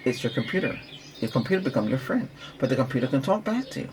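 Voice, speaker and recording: A man who practices Reiki, giving a rambling relaxation talk with breathing guidance, repeating himself and coaching gently. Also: mid-range voice, big pitch swings, quick pace, a little hiss or hum.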